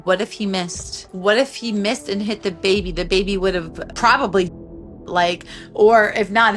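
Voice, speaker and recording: A woman in her thirties giving a personal testimony, talking in halting bursts with restarts and a lot of "like". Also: mid-range voice, fairly bright tone. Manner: halting, many restarts and filler "like". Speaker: survivor telling her own story.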